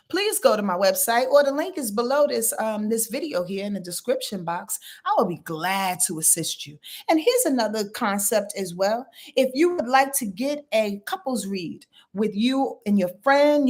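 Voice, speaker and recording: A middle-aged woman astrologer chatting casually with her viewers on a livestream, blunt and animated, telling stories and swearing freely. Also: fairly high pitch. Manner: blunt, animated storytelling with profanity and laughs. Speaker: astrologer and tarot reader.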